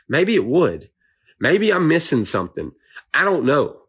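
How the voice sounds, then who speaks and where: A man's voice: on the high side, big pitch swings, a little slow, breathy edge, highs cut off. An emotional man, venting in a frustrated, pleading rant about being told to stand down. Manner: frustrated, pleading, repeats himself. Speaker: volunteer with drones and trucks. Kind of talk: impassioned video rant.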